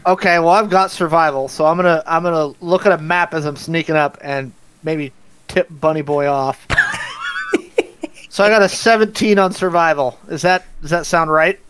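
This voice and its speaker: A man playing a tabletop game, asking eager, quick questions. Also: a little high, steady tone, a bit bright, smooth. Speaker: player.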